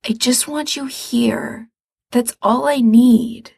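A woman voicing a sick, weary young man who scolds his brother in sharp, exasperated words. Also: on the high side, takes it slowly, vocal fry, husky, no room sound, clean studio sound, voice pushed up, heavily acted.

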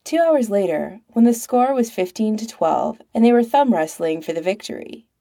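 A woman narrating a story aloud in a wry, expressive manner. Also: medium pitch, normal speed, vocal fry. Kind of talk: storybook reading.

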